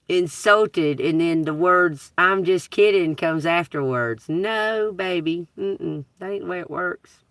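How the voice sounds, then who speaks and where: A slow, deliberate woman holding forth on a livestream, blunt and profane, breaking into laughter between lines. Her voice sits a little away from the mic in a dry, flat-sounding space. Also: on the low side, no echo, far from the mic. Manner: preachy, addresses the collective. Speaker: tarot reader. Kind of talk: casual livestream talk.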